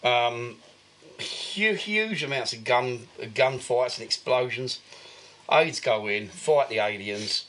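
A man's voice: medium pitch, expressive, slow pace, sharp tone. A man co-hosting a podcast, giving a rambling, filler-heavy recap of a film in casual chat. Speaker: podcast co-host.

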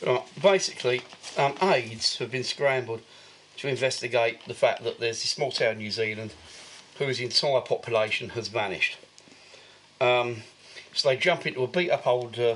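A man's voice: medium pitch, a bit bright, a little hiss or hum. Rambling man recapping a film. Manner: rambling, filler-heavy plot recap. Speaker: podcast co-host. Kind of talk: casual film review chat.

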